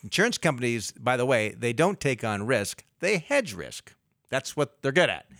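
A man's voice: mid-range voice, moderate pace, creaky, no room sound. Middle aged guy, financial advisor on a radio show, bouncy up and down voice, dry close sound. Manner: lively, explanatory, uses analogies. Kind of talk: radio talk show discussion.

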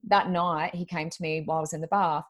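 A woman's voice: sits low, fairly even intonation, quick pace. A woman who works as a medium, chatting as a podcast guest and telling a long story in a rambling way, with many fillers. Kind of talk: casual storytelling.

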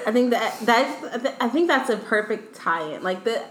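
A woman's voice: on the high side, lively intonation, measured pace, a bit bright. A woman co-hosting a podcast, reflective and teasing, with a dry sense of humor. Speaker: podcast co-host. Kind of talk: casual podcast chat. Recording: echoey room with faint noise.

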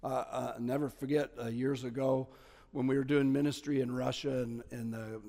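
A man preaching a sermon as pastor, stressing key words loudly and dropping to quiet asides. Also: mid-range voice, little pitch movement, moderate pace, creaky, in a large hall. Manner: emphatic, swings between loud stresses and quiet asides.

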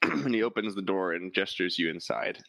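Casting: low-pitched man running a tabletop game, dry close sound, easygoing. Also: expressive, brisk, creaky, a bit bright, no echo, poor audio. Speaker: game master. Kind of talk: narrating a tabletop role-playing game.

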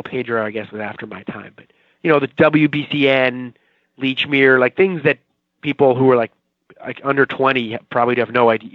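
A man's voice: mid-range voice, no echo, phone-quality sound. A man in his forties from the Boston area, a TV writer talking casually as an interview guest, rambling and self-mocking. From Boston area, Watertown.

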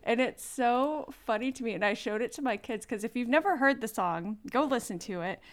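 A woman's voice: a little high, animated, brisk. A woman in her thirties co-hosting a casual podcast, talking chattily with lots of fillers and laughter. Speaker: podcast co-host. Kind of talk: casual chat.

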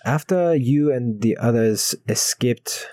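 A man's voice: medium pitch, takes it slowly, darkish tone, dry recording, close to an everyday voice. A man voicing a grave young man in a tabletop role-play, with a put-on African accent that drifts French and formal speech. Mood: somber. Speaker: player voicing his character.

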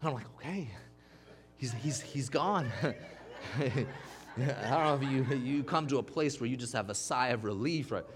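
A man's voice: mid-range voice, normal speed, pauses often. A man preaching a sermon, emphatic, calling on the congregation to respond. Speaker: pastor.

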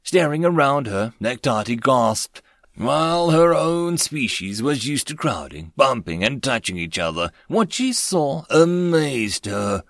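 A male narrator reading a web novel aloud, expressive and animated in his delivery. His voice is mid-pitched with lively swings, recorded close on a dry mic. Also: measured pace, creaky, dry recording. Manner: expressive storytelling. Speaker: audiobook narrator. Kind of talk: scripted audiobook narration.

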